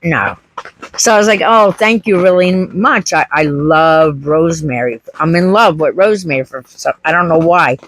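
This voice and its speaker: A woman's voice: sits low, normal speed, a bit bright, rough recording. A woman homestead vlogger chatting casually to camera, telling a story with acted-out quotes.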